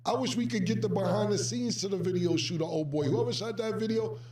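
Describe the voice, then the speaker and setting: Animated man telling stories in a roomy space. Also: high-pitched, fast, a little hiss or hum. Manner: animated, acts out quoted voices, profane slang. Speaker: storyteller recounting music business past. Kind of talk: casual anecdote telling. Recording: roomy, distant mic.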